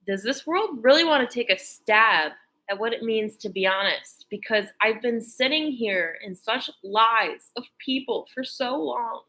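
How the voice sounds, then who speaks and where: A woman's voice: on the high side, expressive, a little slow, sharp tone. A woman vlogger talking in an intense, rambling, profane monologue full of fervent religious talk. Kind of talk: emotional spiritual monologue.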